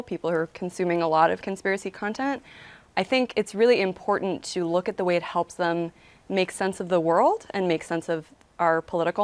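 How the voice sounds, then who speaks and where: A woman's voice: lowish voice, dry recording. A young woman answering an interview question, thoughtful and hedging, with fillers and a rising uptalk inflection. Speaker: interviewee, author.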